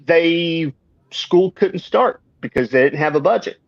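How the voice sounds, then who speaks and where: A man's voice: on the high side, expressive, measured pace, creaky, no room sound, highs cut off. A man co-hosting a local live-stream show, telling stories in a rambling way with lots of fillers. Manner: rambling storyteller with many fillers. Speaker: radio co-host. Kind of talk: casual live-stream chat.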